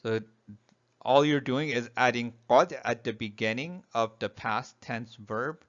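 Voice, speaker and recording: A man's voice: medium pitch, a little slow, dull audio. A middle-aged man teaching an Arabic grammar lesson, explaining patiently step by step with frequent fillers.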